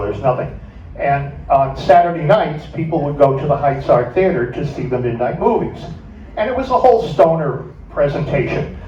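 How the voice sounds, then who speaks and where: Older man, somewhat high voice, animated storyteller, echoey hall sound, heard from a distance. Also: slight background noise. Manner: animated, laughs through his anecdote. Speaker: former radio station staffer. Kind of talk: storytelling on stage. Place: stage at a music club. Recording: echoey, dull, from far off.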